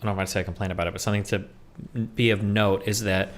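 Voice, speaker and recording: Male host, lowish pitch, relaxed, thinking-aloud chat. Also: rapid-fire. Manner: thinking aloud, loose with fillers. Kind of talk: casual discussion.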